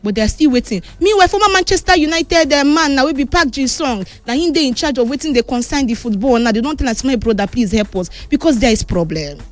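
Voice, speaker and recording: A woman with a Nigerian Pidgin accent presenting a chatty sports news roundup, moving between excited and somber tones. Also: high-pitched, fast talker, hardly any pauses, soft background music. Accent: Nigerian Pidgin English.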